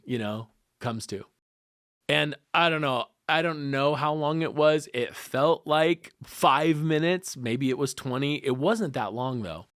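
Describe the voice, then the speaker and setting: A man telling a personal story in a casual podcast conversation, animated and acting out the voices of the people involved. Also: mid-range voice, no room sound, clean studio sound. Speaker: guest.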